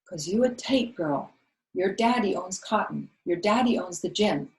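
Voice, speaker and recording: A woman reading aloud, voicing a fretful grown woman who works as a family cook, scolding loudly. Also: medium pitch, animated, measured pace. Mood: lecturing. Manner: scolding, exasperated, loud. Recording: roomy echo.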